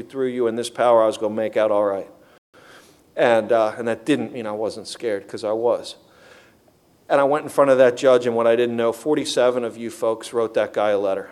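A man telling his recovery story to a meeting in an earnest, animated way. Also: mid-range voice. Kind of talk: personal recovery testimony.

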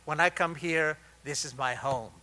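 An older man from Argentina with an Argentine Spanish accent, telling his life story at a recovery meeting in an animated, humorous, confiding way. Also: on the high side, unhurried. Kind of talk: personal storytelling talk.

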